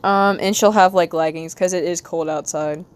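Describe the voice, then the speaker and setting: An American woman with a light Southern accent, rambling casually to her stream while she draws, talking to herself with quick bursts of excitement. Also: fairly low pitch, clear, resonant tone. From United States. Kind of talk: casual live-stream chat while drawing.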